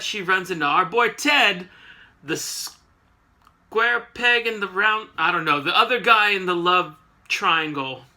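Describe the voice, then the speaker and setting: A man's voice: high voice, pushed and bright. A man recapping a comic book issue in a casual, sarcastic way, full of joking asides.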